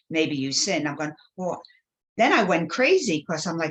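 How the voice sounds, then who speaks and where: A woman with a fairly low voice, talking as a guest about spiritual healing. She tells her stories with feeling and slips into the voices of the people she quotes. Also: animated, normal speed, fairly bright tone. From Polish family background. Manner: storytelling, acts out quoted voices. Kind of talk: spiritual interview chat.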